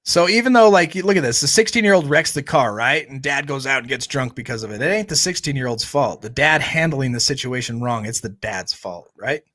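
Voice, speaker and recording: A man in mid pitch co-hosts a relaxed talk show about family recovery. He keeps things conversational, checking in with his listeners by ending points on a questioning "right?". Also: fairly quick, hardly any pauses. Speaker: co-host of a family recovery channel. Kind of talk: casual chat.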